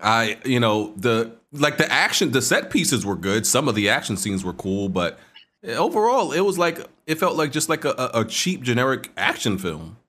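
A man co-hosting a casual podcast, talking in a relaxed, hesitant way with many fillers. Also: mid-range voice, normal speed. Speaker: podcast co-host. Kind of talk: casual movie chat.

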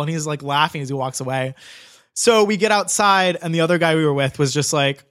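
A man's voice: on the high side, a little fast, a bit bright. A man telling a long story in casual chat, rambling with lots of "like" and swearing. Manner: rambling, heavy use of "like", swearing.

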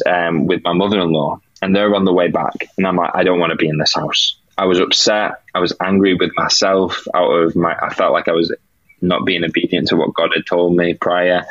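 A man's voice: low voice, steady tone, moderate pace, fairly bright tone, dry recording. A British man, a podcast guest, earnestly telling a faith testimony and acting out the dialogue he remembers. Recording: dull lo-fi dry sound.

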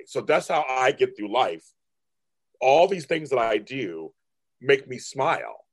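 A man's voice: medium pitch, normal speed. Blunt, profane man in his fifties. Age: 50s. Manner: blunt, profane and animated, mimicking family in raised voices. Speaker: guest artist. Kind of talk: candid casual interview talk.

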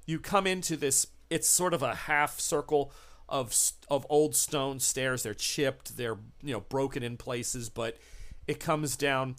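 A man running a tabletop horror game as game master, narrating scenes in an unhurried, descriptive way. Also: mid-range voice, fairly bright tone. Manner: unhurried, descriptive, laughs with players.

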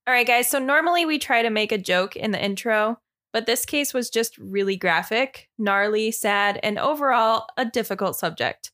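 A woman from Indiana co-hosting a true crime podcast, bantering and reacting with quick giggly comments. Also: on the high side, pushed and bright. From Indiana, USA. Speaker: podcast co-host.

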